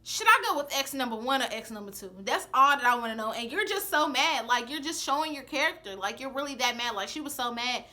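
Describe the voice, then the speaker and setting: Sassy high-voiced young woman. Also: quick pace, few pauses. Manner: sassy, animated, acts out the quoted lines. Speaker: vlogger telling a personal story. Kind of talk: casual storytime chat.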